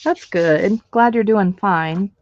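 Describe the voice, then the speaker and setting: A woman's voice: mid-range voice, takes it slowly, muffled recording. A woman hosting a live stream, chatting casually with viewers while she crafts, laughing often.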